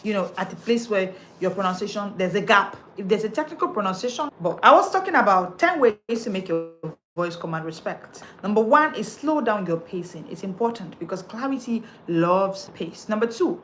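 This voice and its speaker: An emphatic woman coach delivers a live talk with a preacherly lilt, counting off tips one by one. Her pitch sits in a middle range. A faint hum lies under the voice. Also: lively intonation, moderate pace, few pauses, fairly bright tone, poor audio. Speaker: confidence coach.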